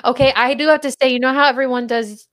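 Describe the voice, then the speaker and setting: A woman in her thirties who hosts a podcast, chatting casually and quizzing her guest with lively swings in pitch. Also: quick pace. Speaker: podcast host. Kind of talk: casual chat.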